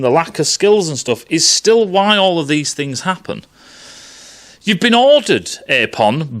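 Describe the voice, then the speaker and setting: A man's voice: on the high side, fairly bright tone. A man giving a casual, profane, rambling film analysis. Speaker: film commentator.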